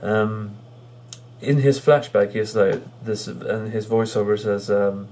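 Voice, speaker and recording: A man with a lowish voice chatting through a casual movie review. He talks in halting bursts, full of ums and restarts, and chuckles as he recounts the jokes he loves. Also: steady tone, mellow.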